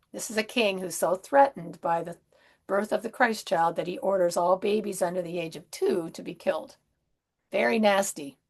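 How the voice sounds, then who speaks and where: A woman minister giving a Christmas sermon in a gentle, conversational way, with soft asides and rhetorical questions. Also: mid-range voice, creaky, breathy edge.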